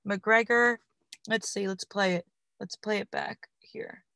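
A woman's voice: medium pitch, fairly even intonation, slow, pushed and bright, no echo. A young woman hosting a podcast, chatting casually with slangy talk and dramatic reactions. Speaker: podcast host. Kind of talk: casual chat.

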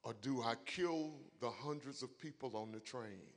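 A man preaching a sermon, moving from a quiet story to shouted, crying high points. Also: normal speed, long reverb tail. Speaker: pastor.

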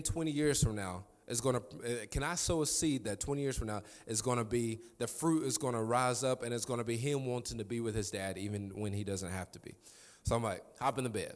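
Male pastor, 30s, mid pitch, emphatic storytelling sermon, long hall reverb. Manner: preaching with emphatic repetition and storytelling.

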